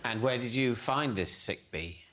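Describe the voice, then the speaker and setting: A man's voice: medium pitch, a little slow. A man as team captain on a comedy panel show, reasoning aloud at length in a wordy, analytical way. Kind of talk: comic panel show banter. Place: TV studio with live audience. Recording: loud studio audience and noise.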